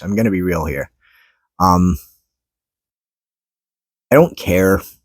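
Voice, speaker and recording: Man, personal vlog monologue: low, husky, close and dry; weary, halting, flares up in frustration. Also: dry recording. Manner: weary, halting, pauses to collect thoughts; swears and rises in pitch when frustrated. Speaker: vlogger. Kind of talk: unscripted personal monologue to camera. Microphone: camera mic.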